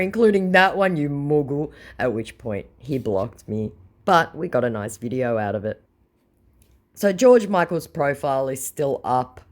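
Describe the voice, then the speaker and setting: An Australian woman with a strikingly low voice talks casually about her chats, blunt and sarcastic, with the odd swear word tossed in. She reads messages aloud as if recounting gossip. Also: a little mellow. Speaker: scam-baiting channel host. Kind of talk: casual chat reading out messages.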